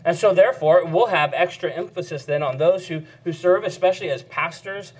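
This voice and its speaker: A man's voice: a little high, fairly quick, slightly rough. A man preaching an expository sermon as a pastor, earnest and emphatic, repeating key phrases for weight.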